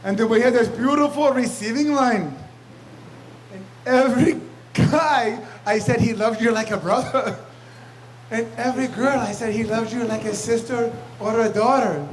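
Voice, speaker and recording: A man's voice: very high-pitched, a little hiss or hum, low-quality recording. A man giving a brash, rambling roast toast at a club party, laughing between his jokes. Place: banquet room with guests. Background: crowd laughing.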